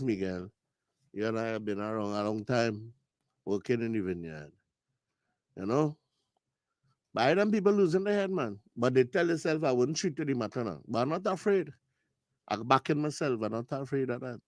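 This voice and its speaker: A man's voice: medium pitch, no echo. A man hosting a live call-in radio show, speaking loosely and emotionally. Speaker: radio talk show host.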